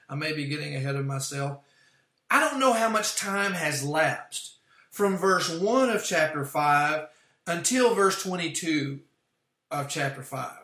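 A man teaches a sermon from an outline, earnest and measured, repeating his points so they sink in. His voice sits high for a man and sounds bright and forward. The room around him rings with echo. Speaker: pastor. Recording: echoey room.

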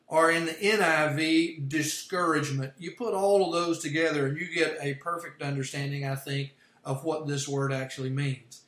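Man teaching a bible study, livestreamed, explanatory, sharp bright tone, echoey room. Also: on the high side. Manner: explanatory, unpacks word meanings slowly.

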